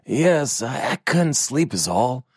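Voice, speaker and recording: A man voicing a tired, guarded young swordsman who grumbles his lines, slightly above his usual pitch. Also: big pitch swings, slow pace, slightly rough, no echo, clean studio sound, full character voice. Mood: subdued.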